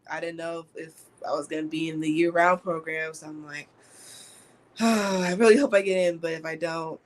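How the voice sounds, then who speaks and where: A young woman, a youth program participant, speaking softly and gratefully with halting pauses. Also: on the low side, a little hiss or hum. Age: young adult. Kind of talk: casual emotional testimony.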